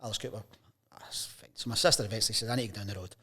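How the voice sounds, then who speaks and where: His fairly low voice races along with a breathy edge as this Scottish sports journalist, in his fifties, tells stories on a chat show. The anecdotes are casual and lively, and he plays out the voices of the people involved.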